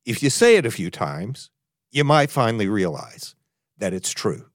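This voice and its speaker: A man preaching a podcast sermon in an earnest tone, moving between emphatic and hushed. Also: fairly low pitch, very animated, normal speed, no echo, clean studio sound. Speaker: pastor.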